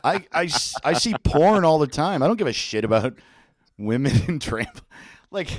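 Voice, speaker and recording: A man's voice: fairly high pitch, big pitch swings, moderate pace, dry recording, clean studio sound. A man co-hosting a casual comedy podcast, crude and profane, laughing often.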